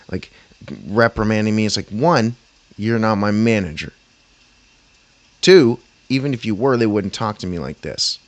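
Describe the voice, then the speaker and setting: A man telling a work story to the camera in a rambling, animated way, full of fillers and slang. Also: on the low side, dry recording. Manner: rambling, animated, heavy on "like" and "bro". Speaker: vlogger. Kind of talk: casual storytelling.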